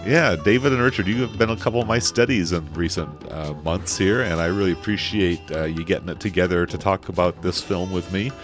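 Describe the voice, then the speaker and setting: Deep-voiced man hosting a podcast. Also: brisk, hardly any pauses, music in the background. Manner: relaxed, rambling with many fillers. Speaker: podcast host. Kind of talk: casual film discussion.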